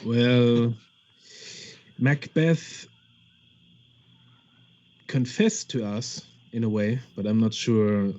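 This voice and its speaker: A man playing a tabletop game, speaking in a slow, measured way. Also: mid-range voice, darkish tone. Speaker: player. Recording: dull lo-fi mic.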